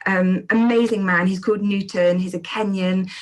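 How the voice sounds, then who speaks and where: A woman, the guest, telling a personal story of faith with animated energy. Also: mid-range voice, moderate pace, rough recording. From England. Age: 30s. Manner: animated, acts out the people in her story. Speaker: charity founder and guest. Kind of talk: storytelling testimony.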